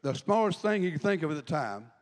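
A man's voice: fairly high pitch, sing-song, quick pace. A man preaching a sermon, chatty, asking the congregation questions as he goes. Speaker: pastor. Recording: long hall reverb.

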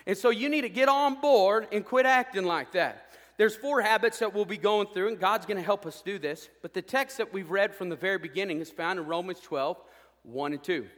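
A man preaching a sermon as pastor, fired up and swinging between loud declarations and hushed asides. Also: sits high, brisk, in a large hall. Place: church sanctuary.

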